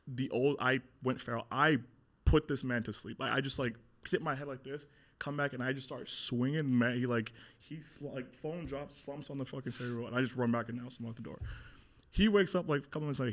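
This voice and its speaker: A young man, a guest on an interview podcast, candidly telling a personal story, animatedly acting out what others said, with plenty of swearing and fillers. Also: medium pitch. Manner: animated retelling, acting out quoted voices, frequent swearing and fillers.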